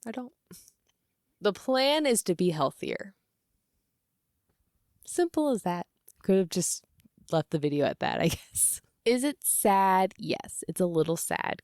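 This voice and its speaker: A woman's voice: fairly low pitch, dry recording. Giggly woman in her thirties, dry close sound. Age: 30s. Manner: rambling, laughing often, with many fillers. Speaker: YouTuber. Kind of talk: casual confessional vlog.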